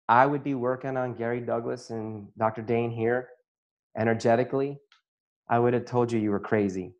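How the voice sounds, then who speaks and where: A man's voice: medium pitch, steady tone, moderate pace, highs cut off. A man who works as a chiropractor and facilitator, giving an earnest, emotional personal testimony to an audience and often breaking into laughter.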